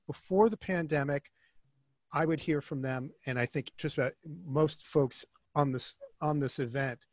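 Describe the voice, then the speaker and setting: A man's voice: mid-range voice, no echo. A man co-hosting an online panel, giving upbeat, complimentary thanks over a video call. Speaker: co-host of the forum.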